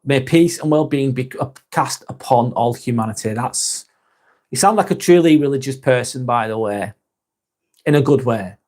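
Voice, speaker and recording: A man's voice: medium pitch, normal speed, a little mellow. A man hosting a casual live vlog, reading viewer comments aloud and chatting with them, swearing casually. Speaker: live stream host reading chat.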